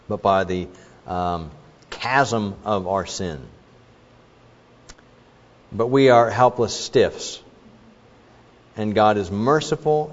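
A middle-aged man preaching a sermon as a pastor, earnest, telling stories with frequent fillers. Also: fairly low pitch. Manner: earnest, with many fillers and illustrations. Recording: dull reverberant hall recording.

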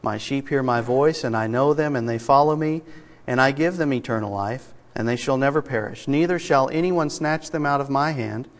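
A man's voice: medium pitch, normal speed. A man preaching an expository sermon, reading scripture aloud and stressing single words with emphasis. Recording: long reverb of a large hall.

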